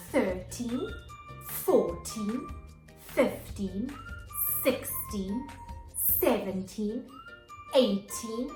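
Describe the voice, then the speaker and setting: A woman teacher, leading a children's morning lesson in an animated way, with gasps and exclamations. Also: a little high, echoey room.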